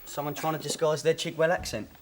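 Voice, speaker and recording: An actor playing a laid-back young lad. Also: male voice, fairly high pitch, fairly even intonation, fast, background noise, close to an everyday voice. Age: young adult.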